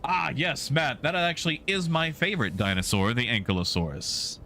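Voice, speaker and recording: A man's voice: medium pitch, animated, moderate pace, bright, forceful tone, slight background noise. A male game streamer chatting casually with his live viewers in a rambling, easygoing way with many fillers.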